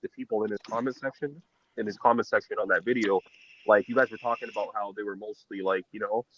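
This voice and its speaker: A man's voice: on the low side, steady tone, quick pace, fairly bright tone, slight background noise. A man calling in from outdoors on an earphone mic, talking hesitantly with many fillers. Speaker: panel guest. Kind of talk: casual panel chat. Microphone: earphone mic on a call. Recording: distant dull earphone call audio.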